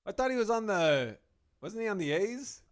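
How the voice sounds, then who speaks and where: Lively-voiced man co-hosting, asking questions. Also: sits high, moderate pace. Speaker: podcast co-host. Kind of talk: casual podcast chat.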